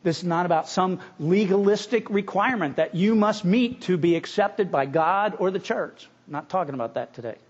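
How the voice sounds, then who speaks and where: Earnest, high-voiced preacher. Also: male voice, normal speed, hardly any pauses, lo-fi sound. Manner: earnest, conversational preaching with restarts. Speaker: pastor. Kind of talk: sermon.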